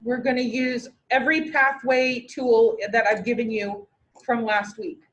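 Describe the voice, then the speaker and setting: A woman teaching a classroom lecture, lively, asking her students questions and answering them herself. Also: on the high side, unhurried, highs cut off.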